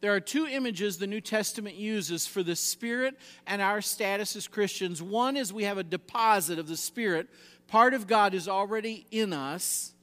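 A man preaching a sermon, emphatic, swinging between loud exhortation and quiet, low passages. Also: normal speed, in a large hall.

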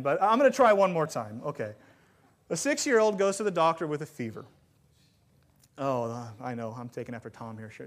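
A man preaching a sermon to a congregation, telling stories with lively, self-deprecating asides. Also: on the high side. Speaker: pastor. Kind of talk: sermon with jokes. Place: church sanctuary with congregation.

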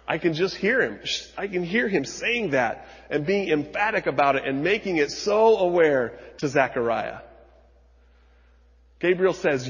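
A husky-voiced man preaches to his congregation, his delivery swinging between hushed reflection and forceful emphasis. The sound is dull and slightly muffled, with a long reverb tail from a large church room. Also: a little high, lively intonation, a little slow. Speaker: pastor. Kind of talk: sermon.

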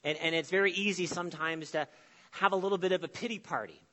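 A man preaching a sermon with emphatic phrasing, dramatic pauses and sudden drops to a soft voice. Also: high voice, long reverb tail. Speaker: pastor.

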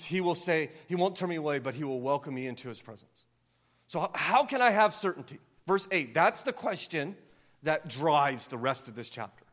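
A man preaching a sermon as pastor, impassioned and earnest, building to near-yelling and then softening. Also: a little high.

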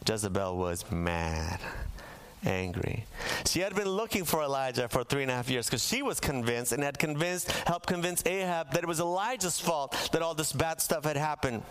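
This pastor's voice is a little high, fairly bright and smooth, with lively intonation at a normal speed. Preaching in a church sanctuary, he tells a Bible story humorously and voices the characters' lines for his congregation.

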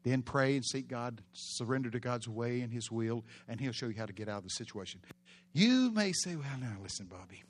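A pastor preaching a sermon in a church, telling stories with animated, loud bursts. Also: male voice, medium pitch, brisk.

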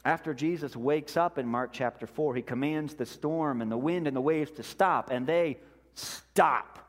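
A male pastor delivers a sermon at a mid pitch, slow and deliberate, with his voice falling quiet on the words he stresses. Long reverb from a large church hall trails after each phrase. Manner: slow, deliberate, dropping softly on key words.

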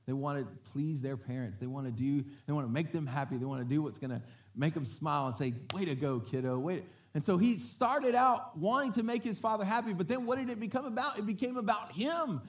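A man preaching a sermon to his congregation. He speaks in a lively way, asks the crowd to repeat words back to him, and often acts out what other people say. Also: a little high, fairly quick. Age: adult parent. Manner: lively, often breaks into acted quotes. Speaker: pastor.

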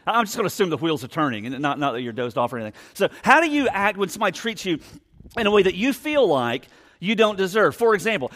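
A man's voice: fairly high pitch, fairly bright tone. A man in his forties preaching a sermon, chatting with the congregation and telling a story with plenty of questions to the crowd. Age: 40s. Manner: conversational storytelling with audience questions. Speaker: pastor.

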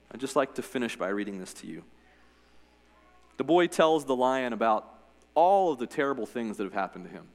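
A man's voice: mid-range voice, long reverb tail. A man preaching as a pastor, earnest, telling a story and then giving an invitation. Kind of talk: sermon.

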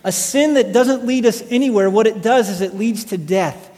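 A man in his late thirties preaching a sermon, telling stories with animation and swinging between loud and hushed delivery. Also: high voice, moderate pace. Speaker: pastor. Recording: long hall reverb.

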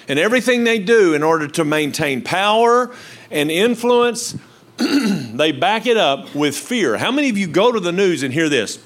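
An older man preaching from the pulpit with a handheld mic, his voice sitting fairly high and ranging widely in pitch. He drops to low, quiet asides and then comes back loud and emphatic, keeping the sermon lively. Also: moderate pace. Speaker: pastor. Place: church with live congregation. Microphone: handheld microphone.

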